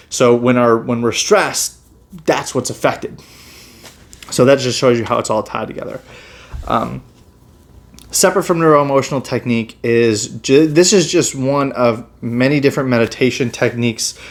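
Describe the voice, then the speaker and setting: Man, chiropractor, casual health lesson, easygoing, lots of ums and restarts, mid-pitched voice. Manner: relaxed, full of fillers and restarts.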